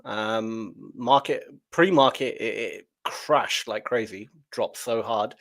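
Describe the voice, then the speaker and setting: A relaxed man chatting about trades on a live stream. He talks over a remote call mic, loose and easygoing, and laughs easily. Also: lowish voice, takes it slowly. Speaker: trading coach. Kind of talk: casual live-stream chat.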